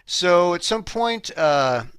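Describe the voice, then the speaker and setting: A man's voice: sits high, animated, slow pace, fairly bright tone, clean tone, no room sound. A man co-hosting a podcast, retelling a movie scene by scene in a laid-back, slangy way. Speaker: podcast co-host. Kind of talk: casual movie recap chat.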